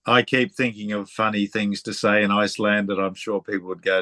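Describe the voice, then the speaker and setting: An Australian man interviewing a guest in a relaxed way, telling stories and laughing often. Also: fairly low pitch, a little fast, dry recording. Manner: chatty, storytelling, laughs often. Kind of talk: casual conversational interview.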